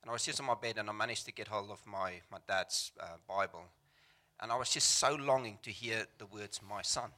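A man's voice: on the low side, brisk, bright, forceful tone. A man giving a personal testimony in church, hesitant with many ums, plain and sincere. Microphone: microphone.

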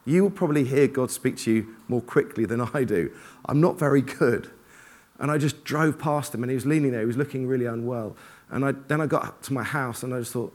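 A man giving an informal church sermon, telling personal stories in a lively, self-deprecating way and acting out his own thoughts. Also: mid-range voice, a little fast. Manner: animated, self-deprecating, acts out inner dialogue. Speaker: preacher. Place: church hall with congregation.

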